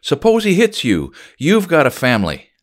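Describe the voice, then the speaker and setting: A man's voice: on the high side, huge pitch swings, normal speed, pitched above the performer's own voice. A man reading the part of a careful, worried young blacksmith's helper. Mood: cautious.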